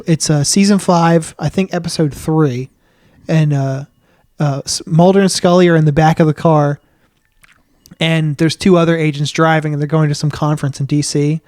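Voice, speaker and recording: A male podcast co-host with a slightly higher voice, chatting casually and telling stories with a loose, rambling flow. The sound is dry and close-miked. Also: darkish tone, no room sound. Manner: rambling storytelling with fillers and restarts. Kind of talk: casual chat.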